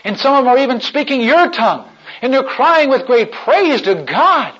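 A male preacher telling a story in a sermon, swinging between hushed and loud delivery. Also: very high-pitched, sing-song, moderate pace, husky. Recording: dull lo-fi recording.

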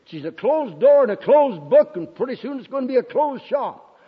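Fervent older man preaching, husky voice. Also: sits high, big pitch swings, normal speed. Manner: exclamatory, shouts hallelujah and amen, laughs often. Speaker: Bible school principal and preacher. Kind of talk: fervent sermon testimony. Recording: dull old recording in a reverberant hall.

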